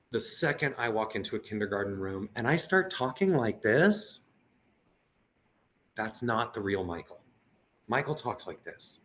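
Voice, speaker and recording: A man with a fairly low voice speaks over a video call, earnest and conversational. He tells teaching stories with animation and now and then puts on voices for the people he quotes. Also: a bit bright. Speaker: puppeteer and teaching artist. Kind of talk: casual conversation, storytelling.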